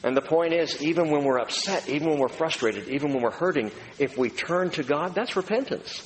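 Animated male preacher in an echoing hall. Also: fairly high pitch, fairly quick, a little hiss or hum. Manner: animated preaching, dramatizes quoted voices. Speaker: pastor. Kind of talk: sermon. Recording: reverberant hall, faint room ambience.

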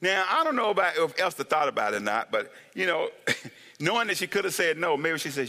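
A man's voice: fairly high pitch, fairly quick, big-room sound. A man preaching a humorous sermon, laughing often, whooping and calling for amens. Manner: animated, laughing, shouts of woo, asks for amens. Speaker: pastor.

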